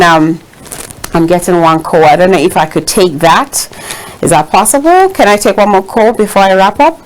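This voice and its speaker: A woman's voice: mid-range voice, moderate pace, rough recording. A woman hosting a live call-in show, speaking with many fillers and restarts. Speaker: show host.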